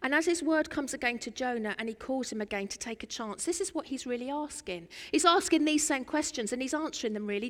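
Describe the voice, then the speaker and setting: An English woman preaching a sermon, earnest and rhythmic with much repetition, swinging between loud and soft. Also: high-pitched, quick pace, few pauses. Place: church. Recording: long church hall reverb.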